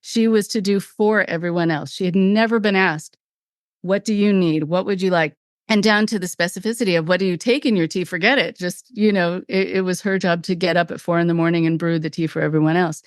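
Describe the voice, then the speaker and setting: Woman podcast host, middle-aged, lower voice, talks in quick bursts, very dry recording. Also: fairly even intonation, clear, resonant tone, dry recording. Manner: warm storytelling, emotional, quick bursts. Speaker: podcast host and cult-recovery therapist. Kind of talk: podcast storytelling conversation.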